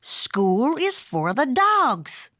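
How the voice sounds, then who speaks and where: A woman's voice: sits high, very animated, extremely slow, fairly bright tone, no echo, studio quality, pitched above the performer's own voice, full character voice. A woman playing a dramatic, fussy mama cat. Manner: emphatic and theatrical.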